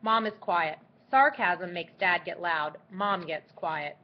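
A woman's voice: fairly low pitch, slow pace, hardly any pauses. A woman narrating a first-person audiobook in a dry, sardonic teenage voice. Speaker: audiobook reader. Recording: dull lo-fi audiobook recording.

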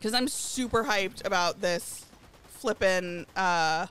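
A woman streaming a game live, chatting to her viewers and gushing excitedly over new items. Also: medium pitch, slow, smooth. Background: faint game lobby music.

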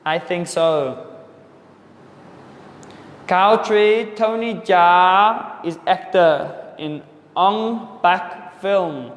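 A man from Africa, an English teacher answering viewer questions for learners, slowly repeating and correcting words. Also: sits high. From South Africa. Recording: echoey room with long reverb.

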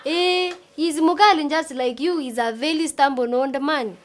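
A woman's voice: high voice, moderate pace, close to an everyday voice. A woman playing a teasing student. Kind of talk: TV sitcom acting.

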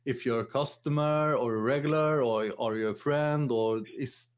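Swedish guy hosting a chill interview, slow, kinda hunting for words. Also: mid-range voice. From Sweden. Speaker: host. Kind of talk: casual interview.

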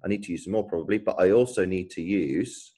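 A man's voice: sits low, fast talker, warm tone, breathy edge, low-quality recording. A man, a primary school teacher thinking aloud and explaining as he types a writing lesson for children.

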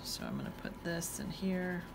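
A woman's voice: on the low side, wildly swooping pitch, normal speed, vocal fry, background noise. A woman teaching watercolor, talking casually while she paints and thinking aloud with playful exclamations. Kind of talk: painting demonstration talk-along.

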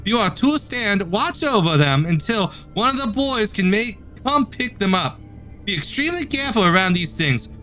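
Bossy quarry boss put on by a man, strained gruff voice pushed high and bright, faint music under. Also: big pitch swings, moderate pace, full character voice. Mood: threatening. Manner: strained, gruff, exaggerated reading voice. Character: bossy male quarry boss leaving threatening notes.

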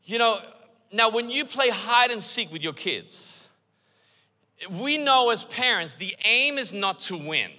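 A middle-aged man preaching a sermon as pastor in a church, animated and by turns joking and earnest. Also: high voice, a little slow. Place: church auditorium. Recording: long reverb of a large hall.

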